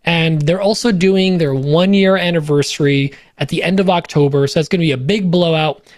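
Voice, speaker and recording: A man's voice: fairly high pitch, moderate pace, no echo, studio quality. Upbeat, joking man reading sponsors. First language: Polish. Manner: upbeat, joking, loose with fillers. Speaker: podcast co-host reading sponsor spots. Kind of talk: casual ad read on a podcast.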